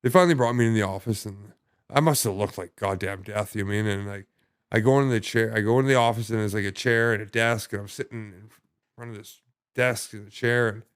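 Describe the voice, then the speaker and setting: Low-voiced man, blunt and profane. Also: clean tone, dry recording, clean studio sound. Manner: halting, profane, many restarts and fillers. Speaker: podcast guest. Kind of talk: casual conversation.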